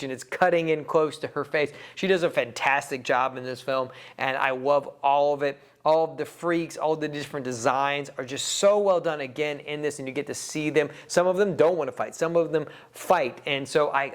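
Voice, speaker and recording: Man, casual film review, enthusiastic, rambling, chuckles often, a bit high-pitched. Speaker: movie reviewer.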